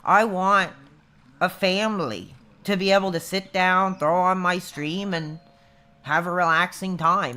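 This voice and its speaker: Laid-back bright-voiced man streaming. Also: a little high. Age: 30s. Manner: rambling, laid-back, says dude a lot. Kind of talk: casual livestream chat.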